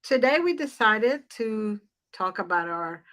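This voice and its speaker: A woman's voice: medium pitch, lively intonation, fairly bright tone. A woman co-hosting a casual chat, easygoing and giggly, who keeps the talk moving. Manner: easygoing, giggly, quick encouraging listener.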